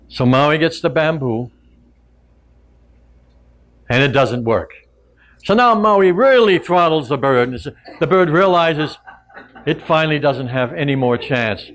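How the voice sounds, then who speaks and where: A man telling a traditional tale to a live audience in a relaxed, conversational way with frequent asides. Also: a little high, a little slow, long pauses. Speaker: storyteller and teacher. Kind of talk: oral storytelling to a live audience.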